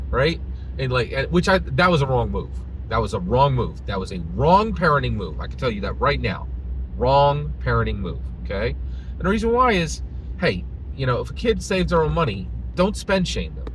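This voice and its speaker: A man from the United States tells a story in a casual, worked-up rant, his pitch leaping and dropping as he acts out the people in it. He keeps checking in with "right?", and faint road noise hums behind him. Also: fairly quick, low-quality recording. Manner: animated, emphatic, acts out quoted voices, keeps asking "right?". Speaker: commentary vlogger.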